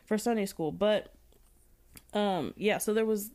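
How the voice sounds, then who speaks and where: A woman's voice: mid-range voice, unhurried, darkish tone. A young woman co-hosting a podcast, telling a story in loose casual chat, stringing thoughts together with lots of "like" and frequent laughs. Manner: rambling, fills with "like", laughs often. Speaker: podcast co-host.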